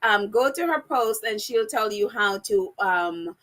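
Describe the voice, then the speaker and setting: A woman's voice: medium pitch, animated, measured pace, a bit bright. A woman hosting a casual live chat and reading out viewer comments. Her voice jumps all over the place, and she laughs often.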